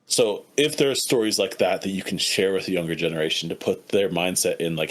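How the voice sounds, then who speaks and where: A man from the United States co-hosting a podcast over a remote call, talking in a reflective, halting way with many fillers and easy laughs. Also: low-pitched. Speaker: podcast host. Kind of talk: casual chat.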